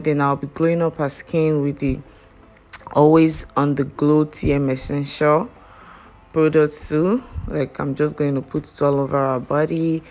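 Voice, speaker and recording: A makeup artist recording a casual tutorial voiceover, chatty and full of fillers. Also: mid-range voice. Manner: chatty, heavy on fillers like "all right, so".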